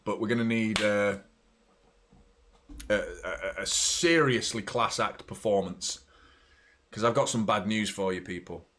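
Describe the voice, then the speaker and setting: A middle-aged man, hosting a live football watchalong, chatting and reacting loudly to the play, with some swearing. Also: on the low side, measured pace, pauses often, slight background noise. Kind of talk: live match watchalong commentary.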